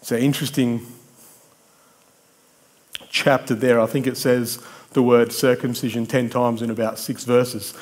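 A man's voice: medium pitch, little pitch movement, unhurried, pauses often, darkish tone. A man preaching a sermon, conversational and emphatic, building points through repetition and bantering with people in the congregation.

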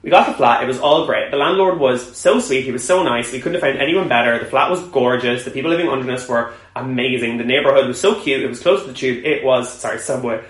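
Guy rattling off a story on a podcast, quick and animated, roomy echo. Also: mid-range voice. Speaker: podcast co-host. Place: room shared with two co-hosts around a table. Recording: echoey room.

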